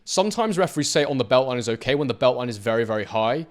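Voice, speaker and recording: Talking over fight footage, a man analyses boxing and speaks emphatically straight to his viewers. His medium-pitched voice is expressive and very fast.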